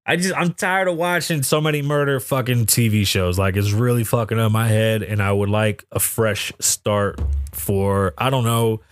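A man's voice: lowish voice, fairly even intonation, normal speed, no room sound, studio quality. A man hosting a podcast, chatting casually with lots of swearing and rambling asides, laughing at odd news stories. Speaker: podcast host. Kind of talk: casual profane commentary.

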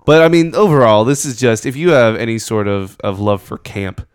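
A man with an ordinary mid-range voice hosts a relaxed chat and reads comic captions aloud. He sounds amused, laughing his way through, and the recording is dry and close. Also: mid-range voice, fairly quick, clear, resonant tone, dry recording. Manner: amused, laughs while reading. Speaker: podcast host. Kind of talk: casual chat, reading aloud.

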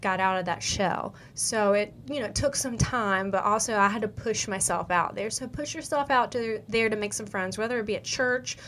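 A woman's voice: medium pitch, normal speed, few pauses, a bit bright, a little hiss or hum. Chatty young woman with a country accent. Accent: Southern US country. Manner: chatty, upbeat, heavy with "like" and "you know". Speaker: podcast host. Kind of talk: casual advice monologue.

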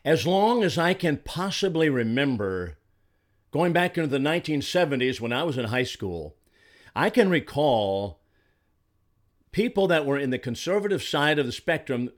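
A man's voice: a little high, very animated, moderate pace. A man in his sixties from Arizona delivering an indignant political commentary, stressing his points and repeating words when heated. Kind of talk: solo commentary monologue.

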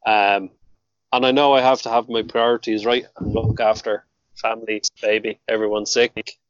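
Male podcast host, relaxed and plain-spoken, mid pitch, dull dry lo-fi audio. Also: normal speed, clear, resonant tone, no room sound. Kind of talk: casual podcast chat.

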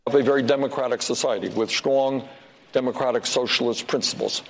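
A man's voice: medium pitch, fairly even intonation, vocal fry, poor audio. Earnest man speaking to a crowd. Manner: measured, earnest, with fillers. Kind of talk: speech played as a clip.

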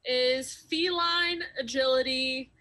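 A woman with a high, bright voice speaks slowly as a player at a tabletop game. She hesitates often, filling gaps with "um" and "like" while she checks the rules. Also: rough recording. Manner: hesitant, asks rule questions with fillers.

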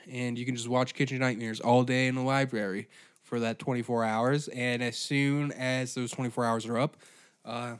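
A man with a sore, scratchy throat rambles through a solo podcast in a loose, profane, self-mocking way. His pitch sits in an ordinary middle range. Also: smooth. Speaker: podcast host.

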